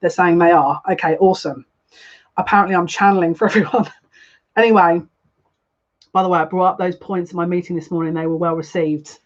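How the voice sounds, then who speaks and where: A woman's voice: lowish voice, fairly even intonation, a little fast, highs cut off. A woman giving a live collective card reading as a psychic, talking in a chatty, rambling and openly emotional way.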